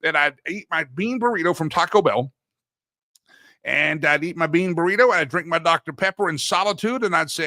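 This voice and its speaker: A man's voice: on the high side, normal speed, bright, forceful tone, no room sound, clean studio sound. A middle-aged man hosting a talk show, telling rambling personal stories and often correcting himself mid-sentence. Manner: rambling, anecdotal, self-correcting. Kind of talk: casual talk show monologue.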